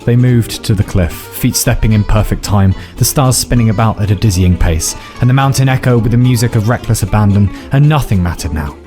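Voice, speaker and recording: Deep-voiced man narrating a wry story. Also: a little fast, few pauses. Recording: faint background music.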